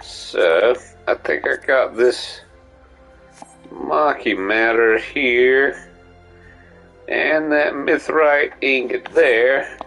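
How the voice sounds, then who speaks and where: A man's voice: mid-range voice, very slow, creaky, pauses often, fairly bright tone, soft background music, low-quality recording. A man streaming a game live, rambling goofily and talking to himself. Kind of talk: live gameplay stream chat.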